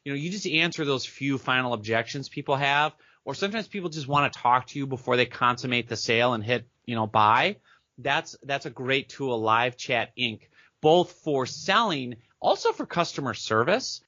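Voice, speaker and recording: A man being interviewed as a business coach on a podcast, talking fast and eagerly and acting out chat messages as he goes. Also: medium pitch, animated, pushed and bright, no echo, lo-fi sound. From Minneapolis area, United States.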